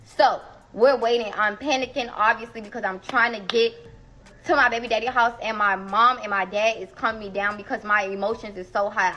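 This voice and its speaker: A woman's voice: medium pitch, bright, forceful tone, low-quality recording. A young woman telling a dramatic personal story in a casual vlog, emotional and repetitive, speaking straight to her viewers.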